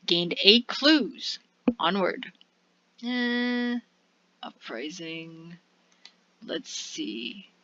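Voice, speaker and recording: A woman's voice: fairly low pitch, pushed and bright. A woman narrating a story game, reading its text aloud and then muttering through her choices. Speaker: let's play narrator. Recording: dull lo-fi recording.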